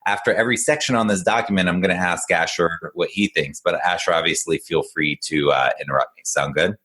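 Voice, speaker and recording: Deep-voiced man coaching in a podcast chat. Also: brisk. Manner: encouraging, explanatory, animated storyteller. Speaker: executive function coach. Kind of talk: casual podcast conversation.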